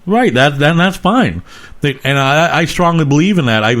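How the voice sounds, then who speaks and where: A man's voice: fairly high pitch, sing-song, moderate pace, a bit bright. A man from near Boston with a Boston accent, co-hosting a podcast in blunt, crude casual banter. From near Boston, Massachusetts. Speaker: podcast co-host.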